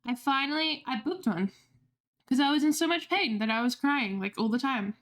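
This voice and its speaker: Chatty high-voiced woman streamer. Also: animated, normal speed, fairly bright tone. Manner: chatty, swearing, laughing asides. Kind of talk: casual livestream chat.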